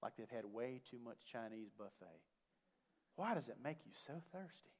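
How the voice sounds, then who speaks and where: A male pastor preaching a sermon, swinging between loud emphasis and quiet asides. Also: mid-range voice, lively intonation, normal speed, vocal fry. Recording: long hall reverb.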